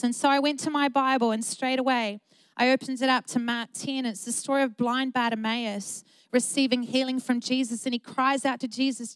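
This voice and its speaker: A woman's voice: sits high, steady tone, fairly quick, clean tone, no echo. A middle-aged woman pastor, preaching an earnest, emphatic sermon with repeated phrases.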